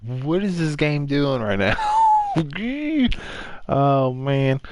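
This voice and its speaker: A man's voice: mid-range voice, big pitch swings, drawn-out words, darkish tone, no room sound. A man doing let's-play commentary on a visual novel, flustered and swearing, repeating hello as his home mic keeps cutting out. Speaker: gamer playing a visual novel.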